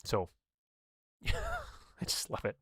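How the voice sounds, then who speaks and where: A man's voice: very high-pitched, wildly swooping pitch, extremely slow, sharp tone, no echo, studio quality. A young man casually reading through a game book on a livestream, breaking off for chatty asides and laughs.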